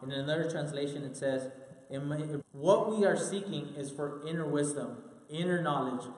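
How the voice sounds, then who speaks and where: A man teaches from the Bible in an earnest preaching style, hammering his points home by repeating them. His voice sits a little high for a man. The sound is roomy, with a long reverb trailing off the walls of a church hall. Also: moderate pace, darkish tone. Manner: earnest, repeats key lines for emphasis.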